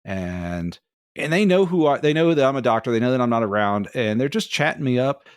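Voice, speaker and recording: Guy on a podcast, mid pitch, rambling self-deprecating story, dry sound. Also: lively intonation, fairly quick, clean tone, no room sound. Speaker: podcast co-host. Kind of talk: casual storytelling chat.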